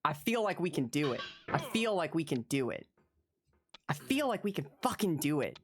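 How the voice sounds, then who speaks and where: Animated swearing woman streamer. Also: sits low, moderate pace, faint music behind. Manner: animated, swears, yells at the game; talks herself back to calm. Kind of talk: live gameplay commentary.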